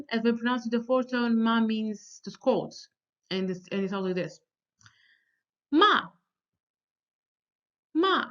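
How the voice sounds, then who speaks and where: Higher-voiced woman teaching a language lesson. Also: lo-fi sound. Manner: slow, deliberate pronunciation drills with frequent pauses and fillers. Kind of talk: recorded beginner language lesson.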